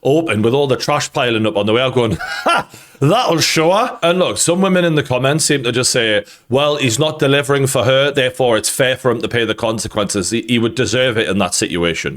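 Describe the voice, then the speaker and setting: A man with a Geordie accent hosting a reaction commentary, blunt and opinionated and swearing freely. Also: medium pitch. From North East England. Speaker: host.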